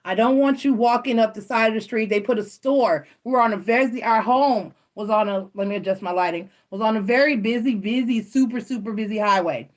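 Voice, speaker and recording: A middle-aged woman hosting a casual chat from home, telling stories bluntly and acting out the voices of the people in them. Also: medium pitch. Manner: animated, blunt, swears casually, acts out quoted voices. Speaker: tarot reader and channel host.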